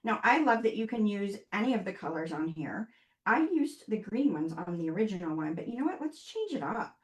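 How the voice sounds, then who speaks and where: Brisk and sing-song, this mid-range female voice echoes in the room as she runs a live online craft workshop, keeping up cheerful, chatty talk with her viewers as she works.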